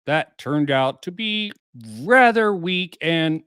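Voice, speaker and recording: A man's voice: sits high, animated, slow, fairly bright tone, smooth, dry recording, studio quality. Musing man reacting to clips. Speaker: commentary video host. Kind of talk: reaction commentary over clips.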